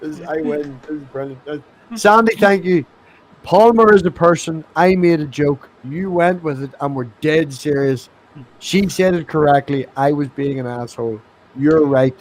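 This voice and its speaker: A man's voice: a little high, normal speed, a little hiss or hum. A man hosting a casual online chat, joking around and swearing freely. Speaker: streamer host.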